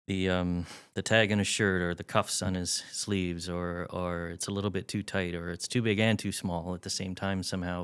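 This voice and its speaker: A middle-aged man with a very low voice speaks as a podcast guest. He recounts family stories candidly and slips in wry jokes at his own expense. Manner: candid, with wry self-deprecating humor. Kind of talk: candid storytelling in an interview.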